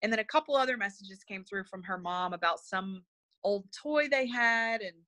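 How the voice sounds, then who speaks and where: A woman's voice: mid-range voice, lively intonation, normal speed, pushed and bright, dry recording. A woman guest telling a personal story in conversation, earnest and emotional, hesitant with many fillers and restarts. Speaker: interview guest, spiritual medium.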